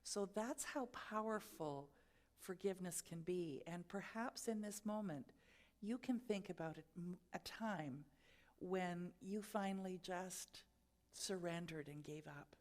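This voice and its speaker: A woman giving a sermon at a spiritual centre, telling a personal story in a reflective, gently guiding way and laughing at herself now and then. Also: lowish voice, unhurried. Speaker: spiritual speaker.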